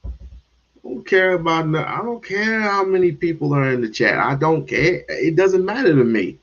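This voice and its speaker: A man's voice: on the high side, lively intonation, moderate pace, a bit bright, muffled recording. A man hosting a livestream, talking bluntly and in a drawl straight to his chat. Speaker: livestream host. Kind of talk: livestream commentary.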